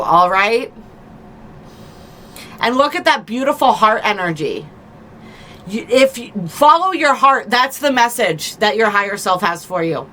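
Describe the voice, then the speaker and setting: A woman's voice: on the high side, sing-song, a little hiss or hum. Chatty woman giving a spiritual reading. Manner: gentle, chatty, laughs easily, slows to stress points. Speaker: spiritual reader and channel host. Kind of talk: casual spiritual reading monologue.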